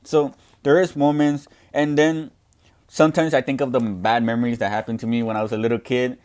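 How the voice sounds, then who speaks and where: A young deaf man speaking loudly and earnestly in a casual question-and-answer talk, with frequent restarts. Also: mid-range voice, level tone, brisk, clear, resonant tone. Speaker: student podcaster answering questions.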